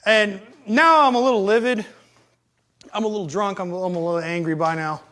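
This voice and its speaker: Brisk and high-voiced with a fairly bright tone, the young man rambles through self-deprecating, foul-mouthed stories in casual conversation. It's recorded from a live stream.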